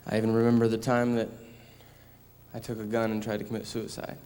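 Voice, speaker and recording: A young man in his twenties giving a somber personal testimony at church, measured and steady. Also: fairly low pitch. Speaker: son giving a church talk. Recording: reverberant church hall.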